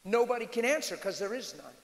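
A man preaching a sermon as a pastor, moving from hushed storytelling to shouted, animated exhortation. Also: very high voice, fast, gravelly. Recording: long hall reverb.

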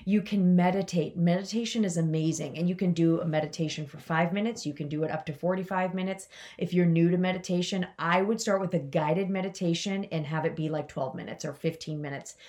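A woman with a somewhat low, even-toned voice hosts a motivational podcast. She talks in a loose, chatty way and is upbeat throughout. When she acts out other people's lines, her pitch jumps up sharply. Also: fairly quick, few pauses. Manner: casual and enthusiastic, acting out quotes with jumps in pitch. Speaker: podcast host.

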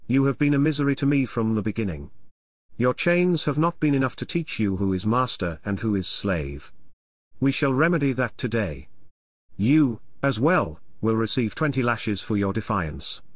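Casting: a man playing a contemptuous Viking chieftain, commanding, mid pitch, dry. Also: expressive, moderate pace, dry recording, close to an everyday voice. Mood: cold menacing. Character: stern, cruel Viking lord, middle-aged man.

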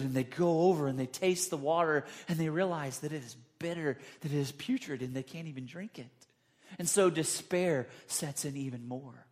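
A man delivers a sermon in a somewhat high voice. He dramatizes the voices in his story, leaping up in pitch and volume, then drops back to a quieter, lower tone to explain. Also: a little fast. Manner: dramatic, acts out quotes with big pitch jumps. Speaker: pastor.

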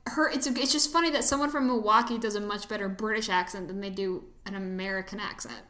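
A woman co-hosting a casual film review chat, talking in a loose, chatty way with lots of fillers. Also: fast. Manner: chatty, lots of fillers, animated swings in pitch. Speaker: podcast co-host reviewing a film. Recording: echoey room.

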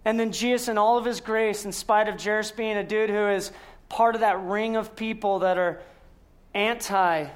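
High-voiced man preaching earnestly. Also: steady tone, moderate pace. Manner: storytelling, asks rhetorical questions and answers them; earnest, drops to a hushed low voice for emphasis. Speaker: guest speaker. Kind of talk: sermon.

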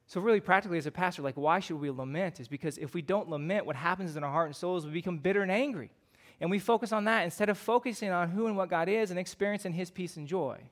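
Conversational Midwestern pastor preaching. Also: male voice, high-pitched, fast talker. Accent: Midwestern American. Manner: conversational, with fillers and frequent rhetorical questions. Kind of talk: sermon.

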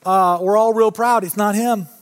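A man with a high, light voice preaching in a relaxed, storytelling way. He keeps circling back and restarting his phrases as he builds his points. The sound carries a long reverb tail from a big church hall. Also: moderate pace, smooth. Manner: casual, storytelling, frequent restarts. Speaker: pastor. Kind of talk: conversational sermon.

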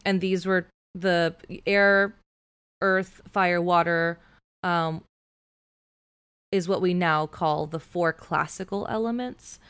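A woman's voice: on the low side, takes it slowly, clear, resonant tone. A woman co-hosting a podcast, telling a story in casual chat and leaning heavily on "like" as she goes. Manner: animated storyteller, filler-heavy "like". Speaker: podcast co-host.

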